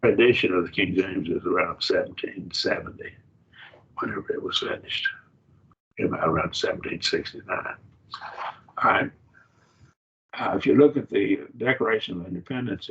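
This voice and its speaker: An older man teaching a college-level Bible class, speaking in an unhurried, halting way with frequent restarts and fillers. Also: deep voice, fairly bright tone. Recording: dull lo-fi classroom recording.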